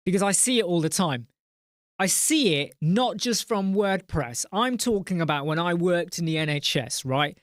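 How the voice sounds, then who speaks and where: A man's voice: on the high side, no room sound, clean studio sound. A man hosting a live chat stream, speaking passionately, ranting and swearing. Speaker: host.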